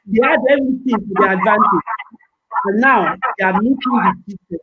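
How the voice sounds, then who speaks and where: An older man speaks with passion in an interview, his voice pitched fairly high. He gets emotional and stumbles over repeated words as he presses his point. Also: moderate pace, sharp tone, slight background noise, rough recording. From Nigeria. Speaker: guest. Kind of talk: impassioned interview answer.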